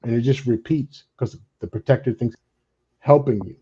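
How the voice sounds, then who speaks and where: A man on a discussion panel, explaining his ideas in an animated way and acting out the inner voices he quotes. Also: medium pitch, moderate pace, slightly rough, highs cut off. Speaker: panelist on a trauma and healing talk. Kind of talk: conversational explanation.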